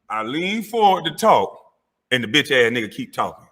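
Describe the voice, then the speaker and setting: A man's voice: medium pitch, big pitch swings, moderate pace, pushed and bright, husky, long reverb tail. A man giving heated commentary on video clips, indignant, mocking and profane.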